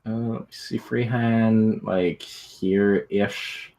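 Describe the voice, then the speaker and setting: A man running a tabletop game as game master, describing scenes and rulings in a relaxed way. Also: on the low side, drawn-out words.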